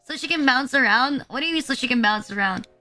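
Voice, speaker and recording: A woman's voice: high-pitched, animated, fast talker, over loud music. A young woman streamer in casual chat, rambling with lots of filler words and casual swearing.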